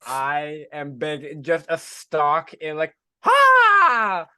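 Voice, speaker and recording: A man's voice: fairly high pitch, little pitch movement, slow, pushed and bright, clear, resonant tone, dry recording. A man playing in a tabletop game session, joking loosely, laughing and swearing as he plays. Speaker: player. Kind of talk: casual tabletop game play.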